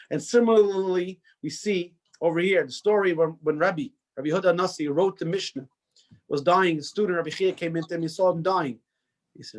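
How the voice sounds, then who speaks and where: A man's voice: on the high side, moderate pace. A man teaching a religious class in a loose, conversational way, often restarting sentences and putting questions to the students. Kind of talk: informal classroom lecture.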